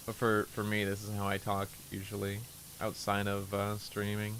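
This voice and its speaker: This livestreamer is a man talking casually over his game stream, keeping things relaxed and flat while purposely pitching his voice low. There's slight noise in the background.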